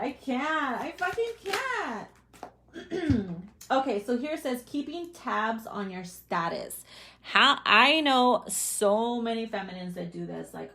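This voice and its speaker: A woman's voice: a little high, measured pace, fairly bright tone, a little hiss or hum. A woman giving a casual tarot reading, swearing freely and laughing often. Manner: profane, bubbly, laughs often. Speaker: tarot reader.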